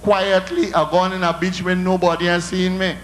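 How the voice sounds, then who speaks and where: Trinidadian man, stand-up storytelling, comic sound effects, high-pitched voice. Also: level tone, moderate pace, a little hiss or hum. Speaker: comedian.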